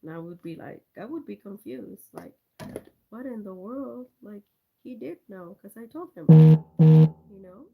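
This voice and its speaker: A woman's voice: medium pitch, very animated, moderate pace, vocal fry, noisy background. A woman hosting a live stream from her cell phone, telling a rambling story in a chatty way and talking to her viewers by name. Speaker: livestream host.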